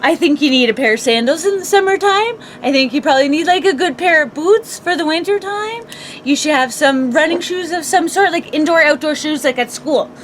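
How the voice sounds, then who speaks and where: A woman's voice: high voice, expressive, brisk, a little hiss or hum. A woman co-hosting a casual morning podcast, chatty, laughing often and asking rhetorical questions. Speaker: podcast co-host.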